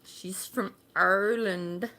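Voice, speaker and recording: A woman's voice: mid-range voice, steady tone, takes it slowly, bright, forceful tone. A woman from Alabama with a Southern accent, chatting casually and rambling on a live stream, laughing often. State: unwell.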